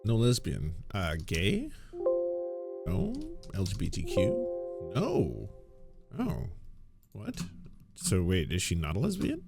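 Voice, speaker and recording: A man's voice: low voice, wildly swooping pitch, slow, creaky, pauses often, a little mellow, soft background music. A man hosting reaction commentary, mocking and sarcastic, laughing often. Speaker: commentary host.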